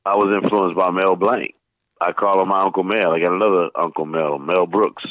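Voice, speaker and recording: Voice actor guest, man in his fifties from Saint Louis, very low voice, animated storyteller, tinny phone line. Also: dry recording. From Saint Louis, USA. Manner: animated, tosses in quick voice impressions. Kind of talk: casual storytelling interview. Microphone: phone call.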